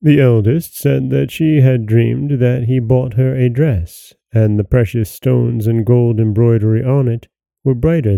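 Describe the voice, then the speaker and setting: Gravelly, warm-toned storyteller man. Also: mid-range voice, no echo. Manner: measured, expressive storytelling. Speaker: storyteller host. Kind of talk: scripted fairy tale narration.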